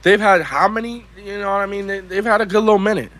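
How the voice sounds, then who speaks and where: High-voiced man rambling haltingly. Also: over a noisy crowd. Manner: halting, rambling, with false starts. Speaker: co-host of a livestream show. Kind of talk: casual livestream chat.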